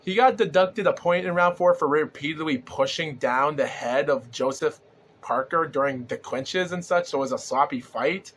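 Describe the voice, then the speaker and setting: A man hosting a rambling solo podcast, talking excitably with lots of fillers and restarts, his throat sore and groggy and his breath short. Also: fairly high pitch, normal speed, a little hiss or hum. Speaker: podcast host. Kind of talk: solo casual podcast commentary.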